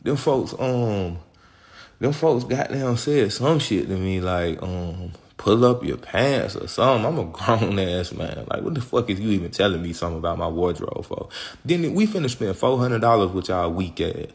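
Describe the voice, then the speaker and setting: Low-voiced man in profane street talk. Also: expressive, normal speed. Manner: rambling, slang-heavy and profane, constant "you feel me". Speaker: interview guest.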